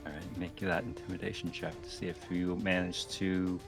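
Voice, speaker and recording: A man narrating as game master of a tabletop game, relaxed and describing the scene. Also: sits low, moderate pace, vocal fry, over music.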